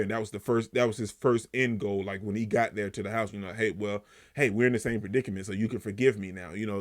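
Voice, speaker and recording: A young man giving a casual video review of a TV episode, talking loosely with slang and getting animated as he retells scenes. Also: fairly low pitch. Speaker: TV show reviewer.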